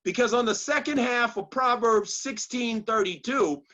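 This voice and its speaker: A man's voice: very high voice, moderate pace, pushed and bright, highs cut off. A man giving a motivational speech in an emphatic, repetitive, preacher-like delivery. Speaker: motivational speaker.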